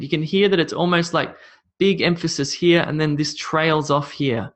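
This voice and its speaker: A man gives a spoken English lesson on pronunciation, repeating words with shifting stress and laughing off his own slips. His voice is a little high and he speaks at normal speed.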